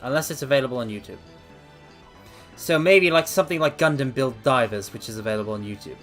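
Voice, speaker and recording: A man streaming casual chat, theatrical and animated, calling his viewers mortals, a little out of breath. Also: medium pitch, fast talker. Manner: animated, swings between loud outbursts and mock apologies. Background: faint background music.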